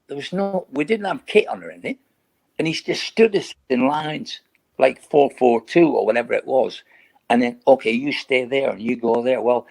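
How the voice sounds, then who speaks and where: A man's voice: mid-range voice, vocal fry, mellow, breathy edge. An older man, a retired footballer, chatting as a podcast guest and telling rambling, laughing anecdotes with many restarts. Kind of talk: casual podcast chat.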